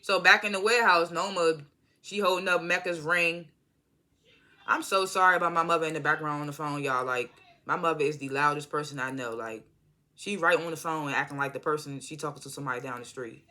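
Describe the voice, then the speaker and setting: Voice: mid-range voice, fairly even intonation, fairly quick, sharp tone. A vlogger recapping a TV episode in a casual, slangy, profane way, rambling and apologizing often. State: irritated by background noise.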